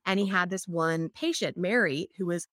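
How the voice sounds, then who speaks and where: A woman's voice: lowish voice, moderate pace, fairly bright tone, no echo, clean studio sound. A middle-aged woman, an EFT practitioner, chatting casually and telling stories with lots of "like" fillers. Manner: chatty, many "like" fillers, storytelling. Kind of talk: casual explanatory chat.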